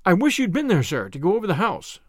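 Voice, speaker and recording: A man's voice: high-pitched, wildly swooping pitch, fast, no echo, studio quality, voice pushed up, exaggerated voice. A man voicing an eager, polite young Englishman who talks earnestly and deferentially. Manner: earnest, deferential, says sir often.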